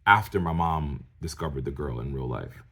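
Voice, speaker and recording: Very deep-voiced man telling a story. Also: normal speed, husky. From New York. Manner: animated, talks straight to viewers, acts out the people he quotes. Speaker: storyteller vlogger. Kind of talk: casual storytime monologue.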